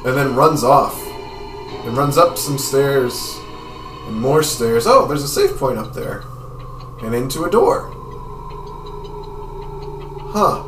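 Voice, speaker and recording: A man's voice: mid-range voice, expressive, takes it slowly, long pauses. A man casually narrating a video game playthrough, describing the action as he goes. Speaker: let's play narrator. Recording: echoey room, distant mic, faint music.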